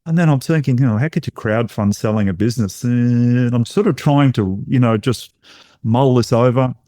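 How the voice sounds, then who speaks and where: A middle-aged man, a podcast guest telling a personal story in a lively way and acting out what others said. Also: mid-range voice, moderate pace, no room sound, clean studio sound. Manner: animated storyteller who acts out other people's lines. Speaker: podcast guest, intuition coach.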